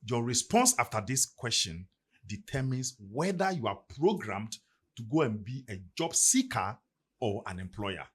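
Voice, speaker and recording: Middle-aged Ghanaian man, podcast guest, emphatic preacherly delivery, husky voice, lively swooping pitch. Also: a little slow. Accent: Ghanaian English. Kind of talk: motivational podcast talk.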